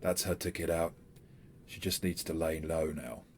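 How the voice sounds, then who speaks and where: A man doing a shadowy conspirator with a South African accent, murmuring plans in a low, secretive tone. The voice sits deep and husky, like a tabletop scene whispered from a dark doorway. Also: moderate pace, slight background noise. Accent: South African, put on.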